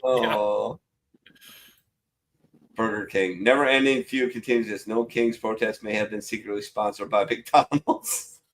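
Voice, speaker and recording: A man's voice: on the low side, fairly even intonation, measured pace, a bit bright, a little hiss or hum. A man hosting a casual online chat, joking and swearing as he reads memes aloud and laughs at them. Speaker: show host reading memes.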